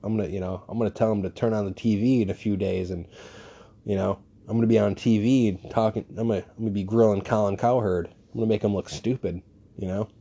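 A man's voice: fairly low pitch, steady tone, fast talker, warm tone, husky, highs cut off. A man voicing a boastful, crude Southern woman caller who brags and swears. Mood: bragging. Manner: brash, swearing, bragging.

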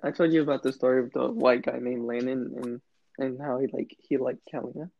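A young man co-hosting a casual podcast, telling stories in a deadpan way. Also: mid-range voice, brisk, gravelly, dry recording. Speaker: podcast co-host. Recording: dry, dull lo-fi mic.

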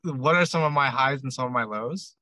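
A man's voice: medium pitch, a little fast, no echo, poor audio. A man, a ramen shop owner, telling a story in a casual interview and acting out quoted dialogue. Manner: chatty, animated retelling with many "I'm like" quotes.

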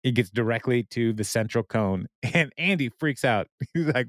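A man's voice: mid-range voice, normal speed, hardly any pauses, a bit bright, no room sound. Chatty podcast man, dry sound. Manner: chatty, laughs often, quotes characters in paraphrase. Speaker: podcast host. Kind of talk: casual episode recap.

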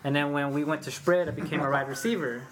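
A man's voice: fairly high pitch, steady tone, quick pace. A young man co-hosting a podcast in casual chat, going into detail and saying "dude" a lot. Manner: chatty, drifts into detail, says "dude" a lot. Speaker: podcast co-host.

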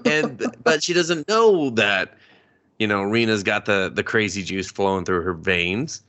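Animated, foul-mouthed man recapping anime. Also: on the low side, a little slow. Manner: profane, animated, acts out quotes. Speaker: podcast co-host. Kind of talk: casual anime recap chat.

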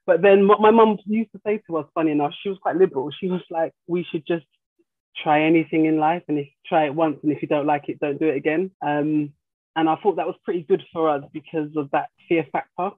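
Husky-voiced grandmother on a tinny line. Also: deep voice, steady tone, brisk, no room sound. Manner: storytelling, laughs easily, mimics family voices. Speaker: guest, life coach. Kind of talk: casual podcast chat.

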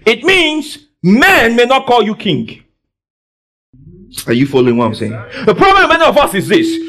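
Man, preacher, very high voice, lively swooping pitch, church sermon, call-and-response. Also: normal speed. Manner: fervent, bursts into shouts, quizzes the congregation. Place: church service.

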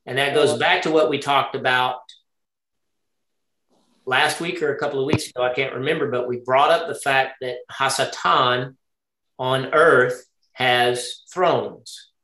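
A man's voice: medium pitch, steady tone, unhurried, sharp tone, echoey room. A man leading an interactive Torah study lesson. He thinks aloud, often asks his group questions and checks they are following along. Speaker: Bible study teacher.

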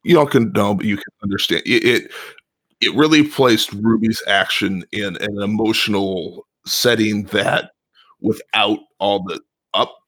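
A man with a very low voice talks through the plot of a TV episode. He is calm and measured, explaining things step by step with the odd filler. The delivery is thoughtful rather than excited. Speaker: podcast co-host. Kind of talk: casual analytical TV recap.

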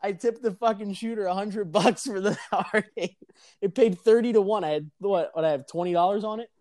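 A young man telling a casual, profane story on a podcast, animated and laughing as he talks. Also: high-pitched, a little fast, no echo, studio quality. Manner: animated, swears constantly, laughs mid-sentence.

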